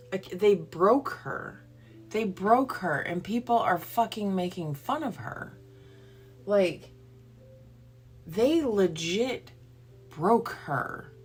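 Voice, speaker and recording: A woman, hosting a livestream and ranting bluntly and profanely before a Bible reading. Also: mid-range voice. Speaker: livestream host. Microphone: phone or computer livestream.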